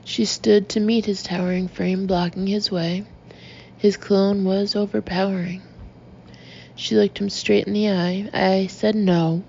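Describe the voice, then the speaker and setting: A woman reads an audiobook slowly and deliberately, her voice gravelly and held to a narrow, flat range. The recording is a little dull and lo-fi, with a faint hiss sitting underneath. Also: medium pitch. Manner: slow, measured, even reading. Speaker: audiobook narrator. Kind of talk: audiobook narration.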